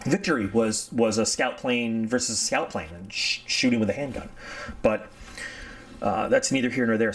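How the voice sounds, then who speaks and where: A man hosting a casual history talk, rambling and easily sidetracked, often correcting himself mid-sentence as he tells the story. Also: on the low side. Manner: rambling, digressive, self-correcting; animated storyteller acting out quotes. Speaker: history channel host.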